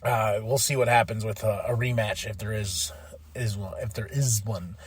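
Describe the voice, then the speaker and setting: A man hosting a podcast, giving a casual, animated wrestling recap, chatty with lots of fillers and restarts, acting out quotes in exaggerated voices. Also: fairly low pitch, normal speed, breathy edge, dry recording. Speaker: podcast host.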